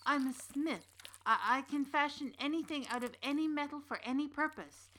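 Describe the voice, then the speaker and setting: A woman's voice: high voice, normal speed, fairly bright tone, slight background noise, voice pushed up. A woman voicing a frightened male smith who stammers as he pleads. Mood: nervous. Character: frightened talented male smith, middle-aged.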